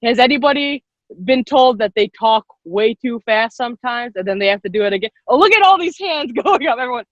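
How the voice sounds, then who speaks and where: Woman, workshop leader, high voice, quick and lively, encouraging, video call, muffled lo-fi sound. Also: dry recording. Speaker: youth public speaking workshop leader. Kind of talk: online workshop teaching. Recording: dull lo-fi video call audio.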